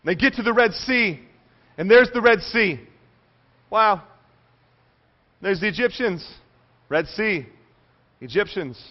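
A man preaching a sermon as pastor, animated, telling stories and acting out quoted voices. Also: high-pitched, muffled recording.

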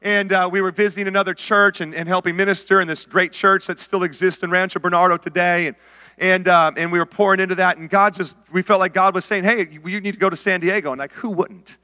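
Man, middle-aged pastor, sermon, high bright voice, animated storytelling, long hall reverb. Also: quick pace. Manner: animated storytelling, acts out his own past words; calls out to the congregation. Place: church sanctuary.

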